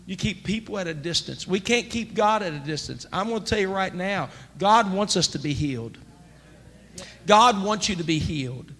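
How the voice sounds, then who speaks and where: A man preaching a sermon as pastor, emphatic and rising to near-shouts. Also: sits high, expressive, normal speed. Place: church sanctuary. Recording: church sanctuary with long reverb, faint noise.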